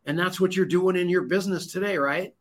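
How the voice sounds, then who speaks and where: A man hosting a podcast, chatting and telling stories in an animated, boastful way. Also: high voice, a little fast. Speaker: podcast host. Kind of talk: casual podcast conversation.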